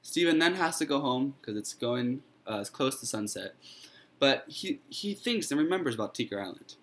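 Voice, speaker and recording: A man's voice: mid-range voice, animated, normal speed, fairly bright tone. A man telling a fairy tale he made up, in a loose, informal way with fillers and restarts. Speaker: student storyteller.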